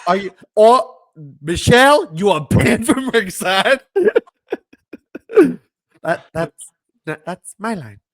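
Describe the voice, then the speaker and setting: A man co-hosting a podcast in casual chat, animated, laughing often and acting out what others say. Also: high voice, slow, pauses often, dry recording. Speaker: podcast co-host.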